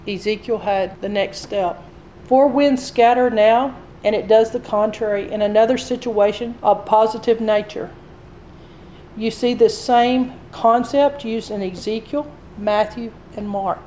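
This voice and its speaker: A woman's voice: a little high, dark tone, a little hiss or hum. A woman preaching a sermon, explaining scripture verse by verse.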